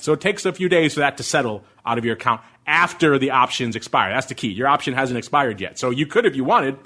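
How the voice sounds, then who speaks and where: Middle-aged male host, a touch high-pitched, excitable and quick to ramp up while answering listener mail. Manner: excitable, fast, ramped-up delivery. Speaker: podcast host. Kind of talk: listener mail Q&A on options trading.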